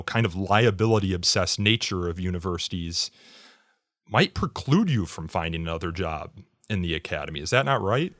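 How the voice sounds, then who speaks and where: A man with a low voice hosts an interview podcast. He asks long, measured questions, pausing on fillers as he goes. The sound is dry and close, with no room around it. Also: a bit bright, no room sound. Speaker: podcast host.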